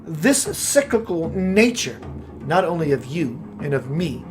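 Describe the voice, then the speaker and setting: A man's voice: fairly high pitch, very animated, measured pace, faint music behind. A man giving a meandering spiritual talk, musing aloud and searching for words as he goes. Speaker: spiritual teacher.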